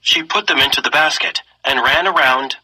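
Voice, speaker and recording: Male story reader, expressive narration with teaching asides; bright, tense tone, breathy texture. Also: mid-range voice, normal speed, poor audio. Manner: expressive reading, slipping into character voices. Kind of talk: reading a story aloud with lesson questions.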